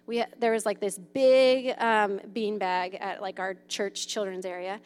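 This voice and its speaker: A woman in her thirties, a mother sharing parenting tips, chats casually about parenting and play, full of "um" and "like" and acting out kids' voices. Her mid-range voice is fairly even, a little slow, darkish, and clean.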